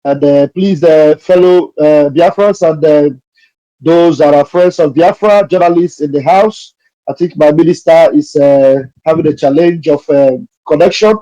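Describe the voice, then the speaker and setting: A man moderating a live audio session, speaking haltingly with many pauses and fillers. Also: a little high, mellow, dry recording, muffled recording.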